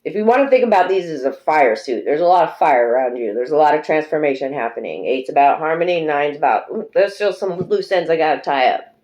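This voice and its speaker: A woman's voice: low voice, expressive, brisk, a little mellow, lo-fi sound. Woman, tarot reader, chatty, emotional, casual swearing, fond address to viewers. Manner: speaks fondly to viewers as darlings and sisters. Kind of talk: pick-a-card tarot reading.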